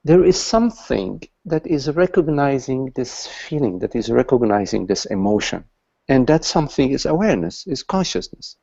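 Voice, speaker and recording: A man leading a satsang, explaining patiently and haltingly to a questioner, with many restarts. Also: mid-range voice, big pitch swings, vocal fry, mellow, muffled recording. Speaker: satsang teacher. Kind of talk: spiritual dialogue with a questioner.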